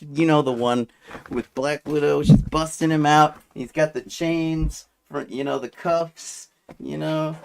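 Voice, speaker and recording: A man's voice: fairly high pitch, creaky. A man rambling through a story in a casual vlog, crude and trailing off mid-sentence. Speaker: vlogger. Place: desert near the border.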